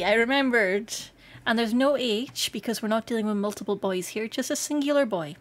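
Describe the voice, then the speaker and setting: A Scottish woman streaming live, chatting casually with viewers, excitable and quick to laugh. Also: a little high. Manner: excitable and giggly, laughs often. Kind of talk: casual livestream chat.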